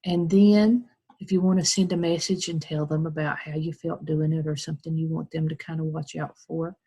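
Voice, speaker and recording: A woman's voice: deep voice, level tone, moderate pace, warm tone, slightly rough, highs cut off. An American woman teacher patiently walking children through a recorded screen tutorial, step by step.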